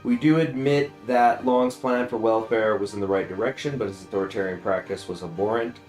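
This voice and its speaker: A man's voice: fairly low pitch, fairly even intonation, a little fast, darkish tone, soft background music. Rambly male game streamer. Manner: rambling, chuckling asides, many fillers. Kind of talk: casual game commentary.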